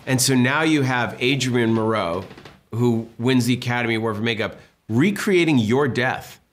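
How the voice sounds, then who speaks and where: A man's voice: mid-range voice, moderate pace. A man in his fifties from Massachusetts, a film director telling stories in a casual interview and acting out what people said. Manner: animated storyteller acting out quotes.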